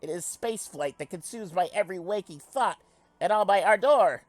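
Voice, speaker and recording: A man's voice: high voice, lively intonation, moderate pace, soft background music, pitched above the performer's own voice. A man voicing a bombastic, space-obsessed male alien tinkerer in an old-timey newsreel announcer style, with grandiose, flowery phrasing.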